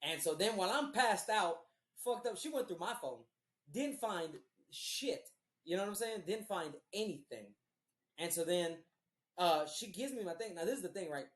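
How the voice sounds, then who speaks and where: A man telling a long personal story on a podcast in a casual, profane, animated way, often laughing. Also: sits high, normal speed. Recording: roomy echo.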